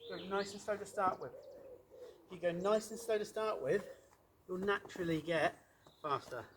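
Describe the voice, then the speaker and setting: An energetic man coaching young children through a ball-handling game on an outdoor pitch. His voice sits a little high, and he keeps the tone encouraging and playful. A faint background noise runs under the recording. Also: moderate pace.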